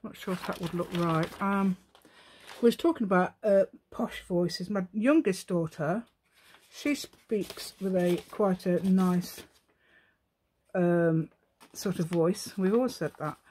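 Taking her time, a middle-aged craft channel host chats through a casual tutorial, thinking out loud, joking at her own expense and singing or humming to herself. Her voice is fairly low with a darkish tone, and there's a little background noise.

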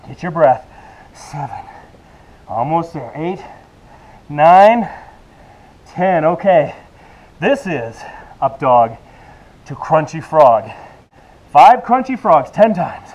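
A man's voice: a little high, big pitch swings, slow, long pauses, a little mellow, highs cut off. A man leading a yoga workout, counting reps and cueing moves while he exercises, out of breath. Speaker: fitness instructor. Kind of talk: coaching a workout video.

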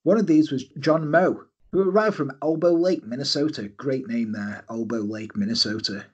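A man's voice: medium pitch, normal speed, breathy edge. A man hosting a podcast, recounting a true-crime story in a jokey way and riffing on it. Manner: jokey, giggly, reads aloud then riffs. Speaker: podcast host.

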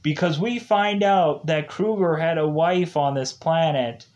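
A man's voice: a little high, a little slow, a little mellow, highs cut off. A man giving a casual, rambling review of a show's episodes, full of fillers and restarts. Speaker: show reviewer.

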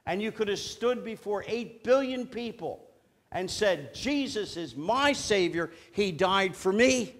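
A man preaching as pastor, earnest, slowing down to lead the congregation in repeating simple phrases. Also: sits high, expressive. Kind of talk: sermon.

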